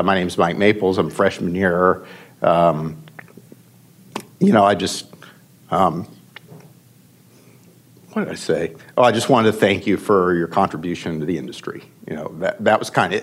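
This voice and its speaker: A middle-aged man, a podcast guest, telling a personal story in a halting, emotional way with many fillers and restarts. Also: lowish voice. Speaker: podcast guest, venture investor. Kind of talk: storytelling in conversation.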